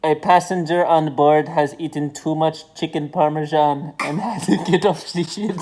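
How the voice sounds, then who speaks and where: A man voicing a male ship captain who makes a slow, formal announcement in a put-on thick Italian accent. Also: a little high, fairly even intonation, darkish tone, slight background noise, pitched above the performer's own voice, natural voice. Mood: mock-official.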